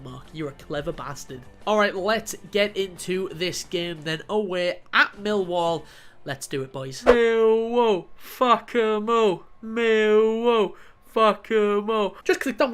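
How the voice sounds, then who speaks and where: A man commentating on his own football video game match, swearing and flaring up at the play. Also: high-pitched. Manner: swearing, excitable outbursts at the game. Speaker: gaming YouTuber. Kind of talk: gameplay commentary.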